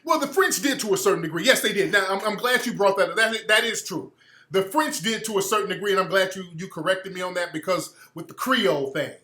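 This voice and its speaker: High, bright-voiced male talk radio host. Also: quick pace, reverberant. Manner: blunt and profane, repeats and restarts phrases; acts out quoted people in mocking voices. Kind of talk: opinionated talk radio monologue.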